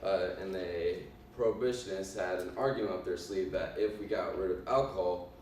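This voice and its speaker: A man playing a cocky 1920s gangster boss in a class presentation, with a put-on Italian accent, talking haltingly with many ums and uhs. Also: deep voice, darkish tone, slight background noise, lightly acted. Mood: boastful. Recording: echoey room from far off.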